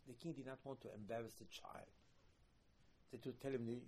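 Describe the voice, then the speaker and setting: A man giving a sermon, telling stories in an animated way, repeating phrases for emphasis and raising his voice in loud bursts. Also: mid-range voice, normal speed, vocal fry, husky. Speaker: rabbi teaching.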